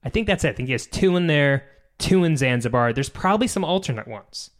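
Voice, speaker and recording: A man hosting a solo podcast, rambling and joking and often trailing off into quiet mumbles. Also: a little high, animated, fast talker. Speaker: podcast host. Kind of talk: casual solo podcast chat.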